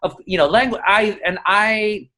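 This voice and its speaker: A middle-aged man, a newspaper columnist, talking as an interview guest in an animated, profane storytelling way. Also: high voice, moderate pace. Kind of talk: casual interview conversation.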